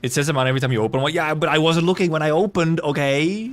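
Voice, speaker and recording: A young man streaming a video game, thinking out loud with playful, swearing, laughing casual commentary. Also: fairly high pitch, lively intonation, normal speed.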